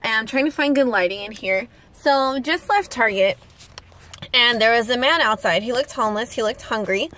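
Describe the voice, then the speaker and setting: Bright, high-voiced indignant woman vlogger. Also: normal speed, slight background noise. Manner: indignant, animated storytelling. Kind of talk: casual rant to camera.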